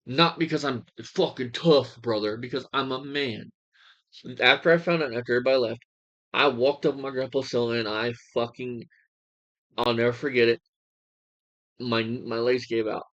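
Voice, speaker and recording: A man's voice: medium pitch, steady tone, moderate pace, fairly bright tone, highs cut off. A young man giving a heated, crude reaction commentary, swearing and mocking as he talks.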